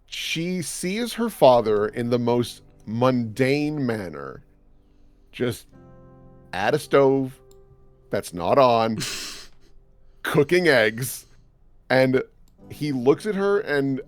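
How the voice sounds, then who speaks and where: A man's voice: medium pitch, big pitch swings, slow, long pauses, faint music behind. A man narrating a tabletop game as game master, in a casual, rambling way, full of fillers and laughter.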